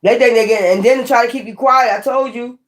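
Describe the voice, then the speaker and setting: This fast-talking woman has a voice on the high side with fairly even intonation. She reads tarot casually and bluntly, with profanity, repeating herself for emphasis while issuing warnings to the viewer.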